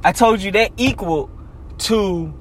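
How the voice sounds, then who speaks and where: A man in casual chat, talking in slang, rambling and shifting between low mumbles and loud bursts. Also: slow, slight background noise, poor audio.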